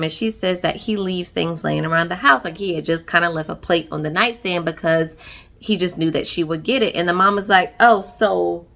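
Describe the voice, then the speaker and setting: A woman's voice: fairly low pitch, vocal fry, bright, forceful tone. A woman giving a sassy, chatty recap of a reality show episode, laughing often. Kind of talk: casual recap commentary.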